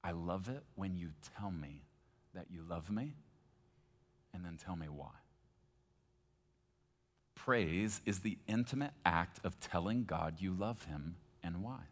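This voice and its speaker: A male pastor preaching a passionate sermon, swinging between loud emphasis and hushed, intimate moments. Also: low-pitched, expressive, a little slow. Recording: long hall reverb, faint guitar.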